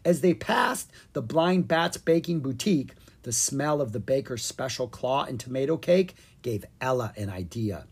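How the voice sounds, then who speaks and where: A reader narrating a children's storybook in a lively, expressive way. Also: mid-range voice, moderate pace, few pauses, slightly rough. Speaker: audiobook reader.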